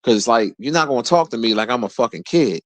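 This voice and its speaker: A man in his forties telling a rambling, profane story in a casual rant, his voice jumping high whenever he quotes someone. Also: brisk, no room sound. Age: 40s. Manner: profane, animated, jumps high when quoting people. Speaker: streamer host.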